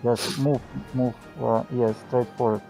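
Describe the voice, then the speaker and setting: A man with a gravelly, dark voice guides players through a location game on a live stream. His directions are short and simple, with slightly broken English. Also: medium pitch, level tone, measured pace, faint music behind, low-quality recording. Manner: short, simple instructions with non-native grammar. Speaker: game master. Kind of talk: casual live-stream chat.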